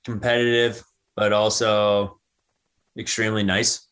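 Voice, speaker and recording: A man's voice: lowish voice, a little slow, clear, resonant tone. A young man answering interview questions casually, with lots of "um" and "you know". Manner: relaxed, many "um" and "you know". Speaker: interview guest, athlete.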